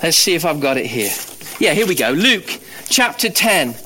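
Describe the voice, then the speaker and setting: A man preaching a sermon as pastor, animated, swinging from loud emphatic lines to low quiet ones. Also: normal speed, slight background noise.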